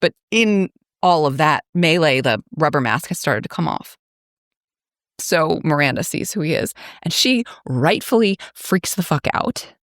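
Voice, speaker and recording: Low-voiced woman recapping, chatty and wry. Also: lively intonation, measured pace, a bit bright, dry recording, clean studio sound. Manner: chatty, filler-heavy, wry asides. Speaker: podcast host. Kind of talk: casual plot recap.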